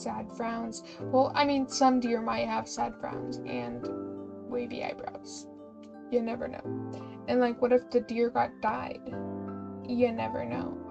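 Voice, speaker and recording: A woman's voice: fairly high pitch, vocal fry, low-quality recording. A young woman streamer reading a story game aloud, breaking off into giggly, chatty asides. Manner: giggly, chatty, self-interrupting.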